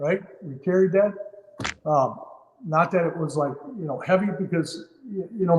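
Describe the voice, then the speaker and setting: A man in his fifties, a firefighter and podcast guest, telling a story earnestly and from the heart, with frequent fillers and restarts. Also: on the high side. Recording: roomy with long reverb.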